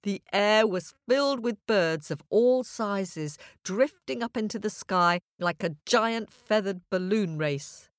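A woman's voice: mid-range voice, slow, few pauses, no room sound, clean studio sound. A woman telling a children's fable, playfully addressing young listeners directly. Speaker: storyteller. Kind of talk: children's story narration.

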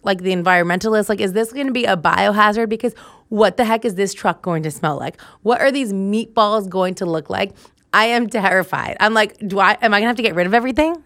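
A woman's voice: medium pitch, fast talker, a bit bright, dry recording. A young woman hosting a solo podcast, telling a story in a chatty way and laughing often. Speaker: podcast host.

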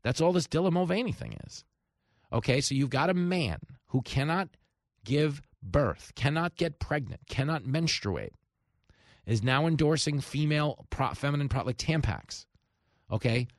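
A man, hosting a talk radio show with animated, sarcastic commentary. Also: on the high side, moderate pace, dry recording, studio quality. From New York.

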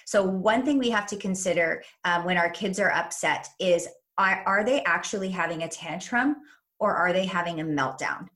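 A woman parenting coach, a younger adult, giving advice in a chat and explaining things clearly step by step. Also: fairly low pitch, normal speed, fairly bright tone.

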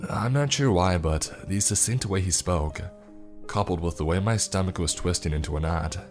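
A man reading a first-person horror story in a measured storytelling way. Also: low-pitched.

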